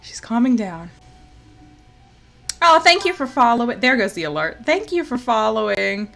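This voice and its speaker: A woman's voice: fairly high pitch, very animated, normal speed, creaky, pauses often, soft background music. Exasperated woman game streamer, swearing. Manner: exasperated, swings from loud outbursts to muttering, swears. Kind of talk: casual live-stream commentary.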